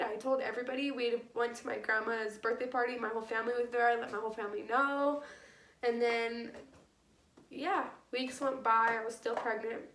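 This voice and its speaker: A woman's voice: a little high, fairly bright tone, echoey room, recorded from a distance. A young woman telling a personal story in a casual vlog, slangy and repeating herself. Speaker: vlogger.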